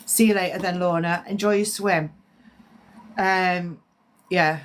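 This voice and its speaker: A woman's voice: fairly low pitch, fairly even intonation, slow pace. A woman, a psychic medium, chatting and rambling through live-stream spiritual readings as she answers viewers' comments, sounding slightly congested.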